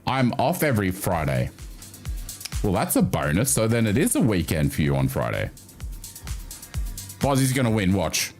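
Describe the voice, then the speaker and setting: With soft music playing behind him, a male livestream host chats casually with viewers at a moderate pace, pausing often. His manner is animated and talkative, with free swearing and sudden rises in pitch.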